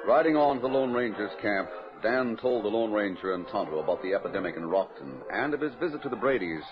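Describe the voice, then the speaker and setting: A man narrating a 1940s radio drama in a crisp, dramatic storytelling manner. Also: fairly low pitch, animated, fast. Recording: dull old radio broadcast with music.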